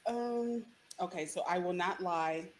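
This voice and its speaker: A woman's voice: fairly low pitch, a little slow, crowd noise. A woman calling into a live stream, blunt and casual, swearing freely. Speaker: guest caller. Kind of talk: casual chat.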